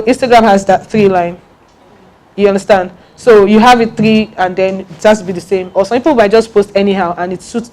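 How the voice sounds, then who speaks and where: Woman, workshop speaker, emphatic and repetitive, mid-pitched. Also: darkish tone. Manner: emphatic, repeats key points, laughs and jokes with the audience. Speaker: speaker giving a talk on personal branding. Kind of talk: lively workshop talk to an audience.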